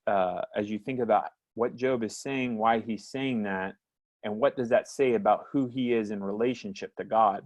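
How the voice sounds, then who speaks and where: A man's voice: on the low side, a little mellow. A man teaching a church Bible study class over a video call, reading scripture aloud and explaining it reflectively.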